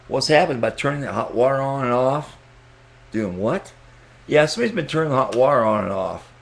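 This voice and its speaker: A man's voice: medium pitch, lively intonation, a little fast. A middle-aged man from Texas, telling a rambling, crude, joking story in a casual vlog. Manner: joking, crude, chuckling to himself. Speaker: vlogger.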